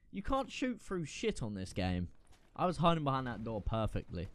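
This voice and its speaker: A man giving casual, profane, excitable commentary while playing a shooter game. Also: mid-range voice, moderate pace. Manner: profane, excitable, self-mocking. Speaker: gaming video creator.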